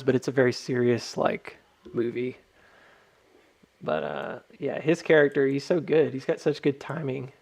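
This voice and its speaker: A man's voice: mid-range voice, creaky. A man hosting a livestream in casual chat, rambling and full of fillers. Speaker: livestream host.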